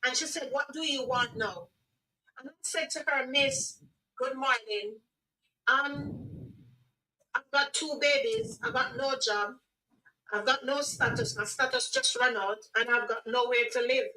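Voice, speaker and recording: A middle-aged Jamaican-accented woman speaks earnestly, with emotion, and often restarts her sentences. Her voice sits high and bright. She sounds a little far from the microphone. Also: measured pace, a little hiss or hum. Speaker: guest. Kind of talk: personal testimony on a radio livestream.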